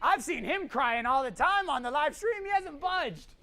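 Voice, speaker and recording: Woman host, high and bouncy, teasing and bossy on a live stream. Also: lively intonation, bright, forceful tone. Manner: teasing, bossy, quick quips. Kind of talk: hosting a live competition stream.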